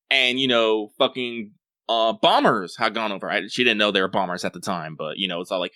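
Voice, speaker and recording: A man with a low but bright voice, chatting casually and rambling through his thoughts. He jumps up and down in pitch, acts out bits of a story, and fills his pauses with "um" and "like". The sound is dry and close. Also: no echo. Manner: rambling, animated, many fillers, swears. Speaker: podcast co-host. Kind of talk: casual chat.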